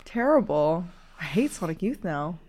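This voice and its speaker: A woman co-hosting a podcast in casual chat, blunt and quick to exclaim. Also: on the low side, sing-song, a little mellow.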